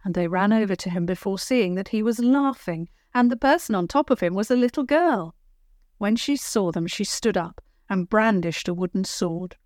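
A woman narrating a children's storybook in a gentle, clear read-aloud manner. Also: mid-range voice, animated, moderate pace, no room sound, studio quality.

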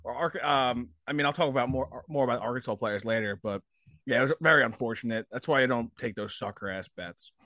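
A man co-hosting a sports podcast, talking in an animated, excitable way with heavy swearing. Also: medium pitch, fairly quick, no echo, dull audio. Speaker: podcast co-host. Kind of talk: casual sports podcast chat.

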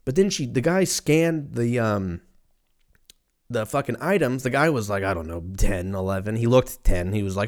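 A man's voice: lowish voice, animated, moderate pace. A man, telling a rambling comic story in a casual, profane way, often breaking off mid-sentence. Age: 30s. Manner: profane, rambling, self-interrupting.

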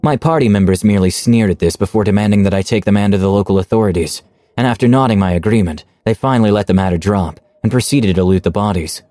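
Low-voiced man recounting a tabletop game. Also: mellow, dry recording, studio quality. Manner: measured, dramatic storytelling. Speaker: tabletop campaign storyteller. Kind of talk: first-person game recap narration.

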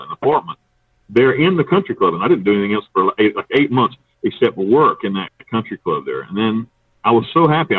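A low-voiced, husky man from North Carolina tells a rambling, profane story, quickly acting out what others said. He comes through a distant, tinny phone line with no room sound around him. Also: no echo. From North Carolina, USA. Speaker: interviewee. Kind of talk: storytelling interview.

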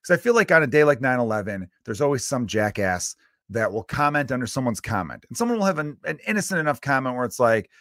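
A man's voice: medium pitch, very animated, fast talker, a bit bright, no echo, studio quality. A man hosting a solo podcast, ranting in a loose, profane, exasperated way with lots of fillers. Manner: loose, rambling with many fillers. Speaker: podcast host.

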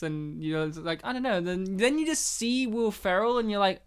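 A man hosting a casual movie commentary chat, animated and laughing often as he acts out scenes. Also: high-pitched, normal speed, few pauses, smooth. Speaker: podcast host.

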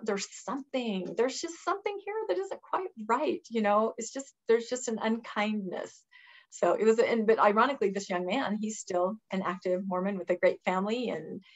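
A woman in her fifties, a guest in an interview, telling stories in a lively conversational way and acting out the voices of the people she quotes. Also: mid-range voice, dull audio. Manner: animated storyteller who acts out quoted voices and laughs often. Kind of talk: conversational storytelling.

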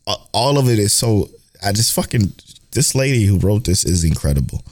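A man with a lowish voice talks in a loose, excitable way, gushing and swearing as he co-hosts a casual podcast. His delivery is animated and enthusiastic. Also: fairly quick. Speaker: anime podcast co-host. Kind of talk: casual chat.

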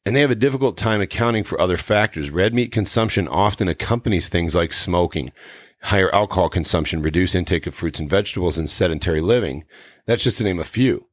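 A man hosting a wellness podcast, explaining in an earnest, measured way. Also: low voice, dry recording. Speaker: podcast host. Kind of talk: casual podcast chat.

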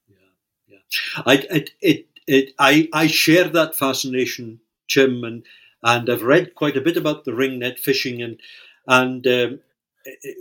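A man's voice: medium pitch, bright, forceful tone. A man being interviewed about his working life, speaking thoughtfully and often repeating words while he gathers his thoughts. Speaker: interview guest, fishing industry leader. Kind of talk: recorded oral-history interview.

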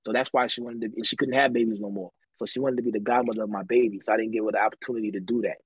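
A man tells stories from his life on a podcast in a loose, slangy, profane way, often laughing. His voice is husky and mid-pitched. The sound is dry and a little dull. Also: steady tone, rapid-fire, no echo. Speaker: podcast guest telling his story. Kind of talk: casual chat, storytelling.

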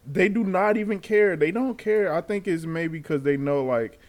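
A man's voice: sits high, normal speed. A man in his twenties, a podcast host, telling a story in casual chat and acting out the people in it with laughs. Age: 20s. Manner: animated, acts out quotes with laughs.

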